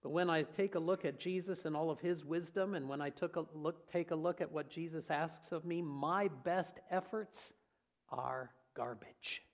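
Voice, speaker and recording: High-voiced folksy preacher. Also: male voice, moderate pace. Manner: folksy, humorous, lively storytelling. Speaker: pastor. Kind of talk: sermon.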